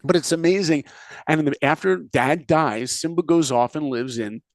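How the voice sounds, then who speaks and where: A man on a podcast, telling stories in an animated way, acting out characters' lines and quizzing the host. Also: fairly high pitch, normal speed, no echo. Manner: animated, acts out characters' lines, asks the listener questions. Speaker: podcast guest, speaker and filmmaker. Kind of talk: animated storytelling in conversation.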